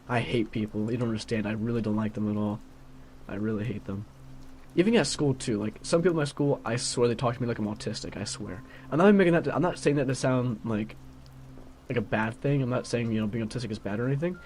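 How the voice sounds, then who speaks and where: A man's voice: medium pitch, darkish tone, a little hiss or hum. A teenage young man rambling casually in a solo monologue, grumbling and peppering his talk with "like.". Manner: grumbling, filler-heavy with constant "like". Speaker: vlogger.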